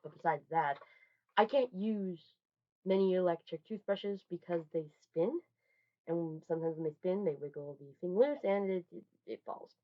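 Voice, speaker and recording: A young woman chatting casually through a holiday haul, rambling and restarting, with sudden loud bursts. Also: fairly low pitch, normal speed. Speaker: vlogger. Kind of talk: casual show-and-tell haul. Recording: dull lo-fi home recording.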